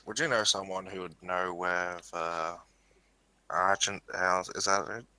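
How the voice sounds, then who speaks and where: A man's voice: sits low, steady tone, a little slow, pushed and bright, clear, resonant tone, poor audio. A man playing a character in a tabletop game, speaking bluntly and matter-of-factly. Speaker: player. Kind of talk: casual tabletop play.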